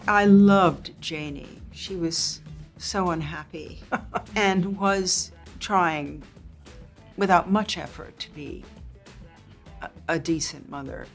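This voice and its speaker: A woman actor in an interview, reminiscing in an animated way and laughing often. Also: lowish voice, slow pace, faint music behind. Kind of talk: casual interview chat.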